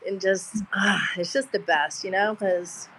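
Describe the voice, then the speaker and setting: A woman's voice: mid-range voice, unhurried, fairly bright tone, a little hiss or hum, low-quality recording. A woman, talking on a video call in a heartfelt, rambling way, full of restarts. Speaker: guest. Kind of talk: emotional casual chat.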